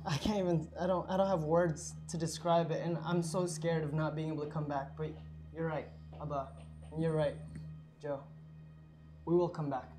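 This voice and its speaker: A man playing a tabletop game in character, talking in a halting, emotional way with many restarts. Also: a little high. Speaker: player. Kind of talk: in-character role-play.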